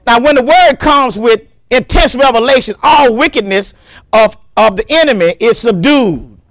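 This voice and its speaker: High, lively preaching pastor. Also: male voice, normal speed, dry recording, studio quality. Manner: animated preaching, repeats words, laughs often, exclaims praise. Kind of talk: sermon.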